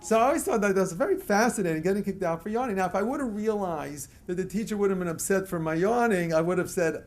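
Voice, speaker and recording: Older man with a high, chuckling voice. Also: expressive, fast, hardly any pauses. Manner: chuckles often while telling stories; storytelling, leads the crowd in chants. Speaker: motivational speaker. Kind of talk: lecture to a live audience.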